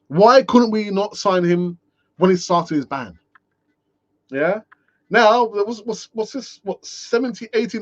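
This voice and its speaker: A man hosting a solo live fan-channel stream, ranting and talking to himself in an animated way. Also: sits high. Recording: dull lo-fi sound.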